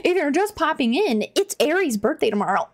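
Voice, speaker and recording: A woman game streamer chatting casually with her viewers while she plays, laughing often and reacting loudly to the game. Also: sits high, big pitch swings, brisk. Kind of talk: casual live-stream chat while gaming.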